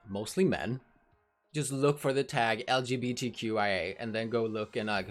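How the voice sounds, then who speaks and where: A woman's voice: extremely low pitch, moderate pace. A woman livestreamer in casual chat, talking frankly to her viewers and swearing freely, with faint music behind her.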